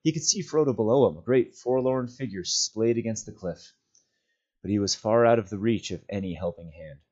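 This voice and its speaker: A man reading a novel aloud as a volunteer, with steady, measured storytelling. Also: lowish voice. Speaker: volunteer reader. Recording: dull lo-fi sound.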